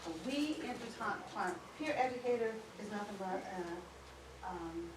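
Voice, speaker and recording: A woman's voice: mid-range voice, lively intonation, measured pace. A woman leading a conference workshop as facilitator, chatty and encouraging as she affirms the group. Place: conference room. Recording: echoey room from far off, background noise.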